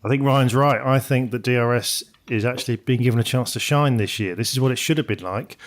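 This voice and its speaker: A man's voice: medium pitch, fairly quick. Male co-host, blunt and sweary, ranting chat. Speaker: podcast co-host. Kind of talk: casual chat.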